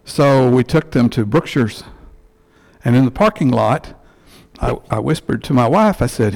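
Male church elder, sermon storytelling, heartfelt and halting, a bit of fry in the voice, headset mic. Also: medium pitch, expressive, a little mellow.

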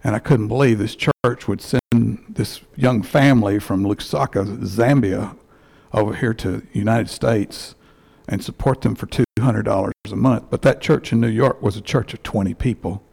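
A man, a church elder telling a heartfelt story in a sermon, halting and restarting as he goes, on a headset mic. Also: on the low side, gravelly, a little mellow.

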